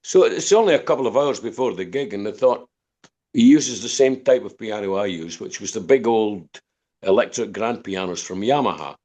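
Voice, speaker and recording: Speaking at normal speed in a mellow voice on the low side, this older Scottish man sounds animated. He's a guest musician from Dundee on a podcast interview, a rambling storyteller who repeats words and keeps restarting his long anecdotes.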